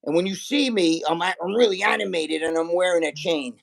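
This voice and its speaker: Older male guest, fairly high voice, animated and profane storyteller. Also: a little fast, gravelly, low-quality recording. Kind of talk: casual chat.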